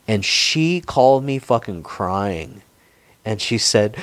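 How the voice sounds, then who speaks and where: A man's voice: on the low side, moderate pace, no room sound. A man in his forties telling a long, rambling, profane story in a casual chat, with frequent restarts. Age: 40s.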